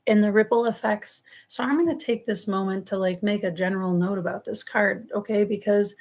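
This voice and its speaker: A woman's voice: mid-range voice, steady tone, a little fast, darkish tone. A woman with a New York accent giving a casual live tarot reading, rambling affectionately and calling her viewers loves and darling. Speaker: tarot reader. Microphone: webcam or phone on a livestream.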